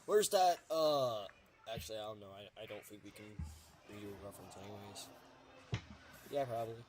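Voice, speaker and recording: A man's voice: on the low side, moderate pace, lightly acted. A man narrating a plush video and putting on silly character voices, hopping between them.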